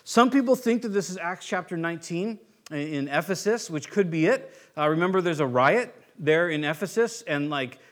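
A man's voice: on the high side, animated, normal speed. A man preaching a conversational sermon as a pastor, acting out quoted voices as he goes.

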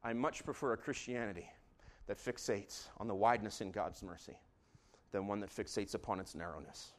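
A man preaching a sermon with great passion, moving between hushed, intimate lines and loud shouts. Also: fairly low pitch, a little fast. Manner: impassioned, swings from hushed to shouting. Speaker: pastor.

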